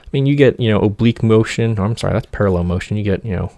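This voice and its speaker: A man giving an informal music theory lecture, singing motifs in nonsense syllables and pausing often with fillers. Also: fairly low pitch, vocal fry, mellow, dry recording.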